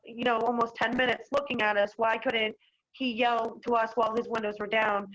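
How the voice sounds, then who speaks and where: A woman's voice: a little high, little pitch movement, normal speed, a bit bright, poor audio. A young woman from Massachusetts telling a town board about an incident over a video call, rambling with lots of "like" and "you know". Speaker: dog owner at a hearing.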